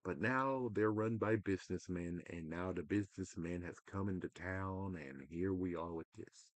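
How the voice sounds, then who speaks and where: A low-voiced gaming commentator talks at normal speed with no echo, ranting casually to camera about video games. He sounds exasperated and profane, now and then imitating people mockingly, and alternates between shouting outbursts and muttering.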